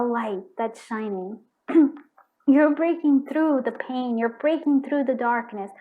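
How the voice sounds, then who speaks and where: A woman's voice: on the high side, slow, phone-quality sound. A woman giving a pick-a-card tarot reading, effusive and emotional, with frequent restarts. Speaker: tarot reader.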